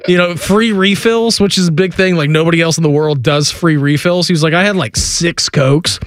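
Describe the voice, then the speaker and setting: Chatty Midwestern sports radio host. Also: male voice, on the high side, steady tone, a little fast, dry recording, clean studio sound. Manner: chatty, laughs while telling stories. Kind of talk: casual sports radio chat.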